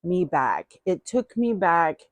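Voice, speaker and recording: A middle-aged woman hosts her own vlog in an unhurried, playful, chatty way, often saying a phrase twice. Her voice sits a bit low for a woman. The sound is dry and close, with no room echo. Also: big pitch swings. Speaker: host. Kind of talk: casual haul vlog chat.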